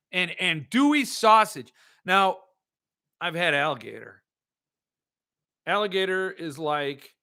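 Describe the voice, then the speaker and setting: A man hosting a casual monologue, rambling and animated with excitable outbursts. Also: sits high. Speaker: host.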